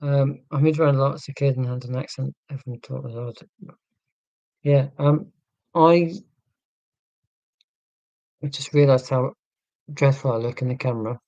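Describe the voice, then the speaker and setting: Mellow musing man on a live stream. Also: medium pitch, fairly even intonation, moderate pace, long pauses, dry recording, lo-fi sound. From southern England. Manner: musing, tangential, self-deprecating. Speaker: livestream host reading chat. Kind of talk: casual live chat.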